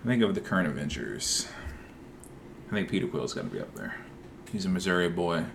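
A man co-hosting a podcast in casual chat, dry and deadpan, moving things along to the next email. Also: low voice, a little fast, vocal fry, slight background noise. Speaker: podcast co-host.

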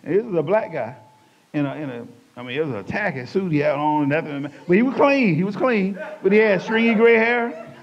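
A man, a pastor telling his testimony in an animated, colloquial way, acting out the quotes. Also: high voice, a little fast. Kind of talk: personal testimony storytelling. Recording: dull lo-fi recording.

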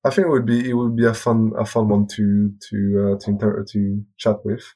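Husky young podcast guest. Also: male voice, on the low side, normal speed. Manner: hesitant, many restarts and fillers, animated when telling stories. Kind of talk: casual storytelling.

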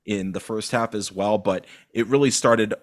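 A man co-hosting a casual football podcast, talking loosely with lots of fillers and animated bursts. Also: on the low side, moderate pace. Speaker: podcast co-host.

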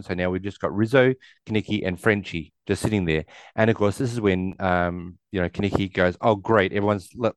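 A man's voice: sits low, smooth, dry recording. A man casually recapping a movie on a podcast, retelling scenes and acting out the characters' lines. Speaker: podcast co-host. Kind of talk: casual film recap chat.

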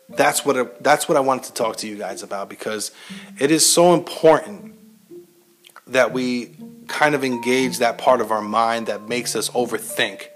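A man's voice: mid-range voice, a bit bright. A man telling a personal story in a casual, heavily profane, self-mocking monologue to his listeners. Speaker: military veteran host.

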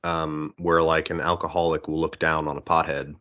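On a lo-fi podcast recording, a man with an extremely deep voice rambles animatedly about a film at normal speed. Along the way he performs quotes in different voices, keeping things casual.

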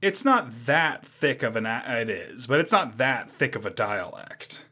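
A man chatting on a comedy podcast with wry, quick comebacks. His voice is bright and forceful, and his pitch swings widely as he talks. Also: very animated, husky. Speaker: podcast co-host. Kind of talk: casual comedic chat.

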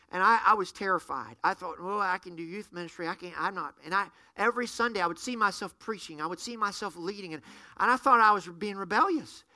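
A middle-aged man, a pastor, preaching a sermon and telling stories with lively acted-out dialogue. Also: high-pitched, no room sound. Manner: animated storyteller, acts out dialogue. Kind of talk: sermon storytelling.

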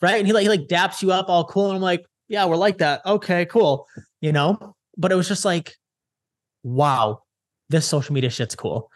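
A young man from the Chicago area, a social media strategist, telling a story casually in an interview with lots of quick retellings and restarts. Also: high-pitched, no echo, clean studio sound. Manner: animated, lots of "I'm like" retellings, fast restarts.

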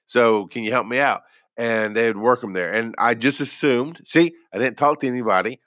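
Recorded dry and clean in a studio, a man with a mid-range, fairly bright voice speaks at a moderate pace. He used to be a paramedic and tells his story informally, drifting, poking fun at himself, and frequently beginning again.

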